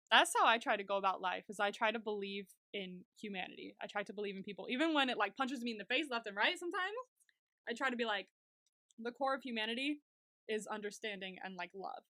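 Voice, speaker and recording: A woman's voice: mid-range voice, brisk, bright, forceful tone, dry recording, studio quality. A young woman co-hosting a podcast, chatting casually and gushingly while recapping a TV episode, saying "like" a lot. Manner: gushing, chatty, heavy use of "like". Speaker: podcast co-host.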